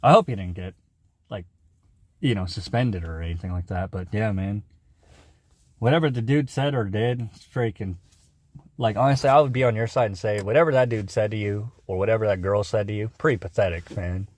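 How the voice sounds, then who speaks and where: A man's voice: fairly low pitch, a little fast, dry recording. A young man chatting casually with his stream viewers, rambling and saying "man" and "bro" a lot. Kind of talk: casual chat. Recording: lo-fi stream audio with loud background noise.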